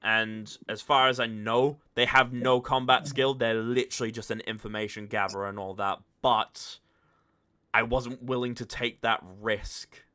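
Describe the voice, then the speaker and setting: A man with a bright, forceful voice talks over a tabletop game session just played. He is chatty and now and then boasts in jest. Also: mid-range voice, steady tone, normal speed. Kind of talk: casual post-game discussion.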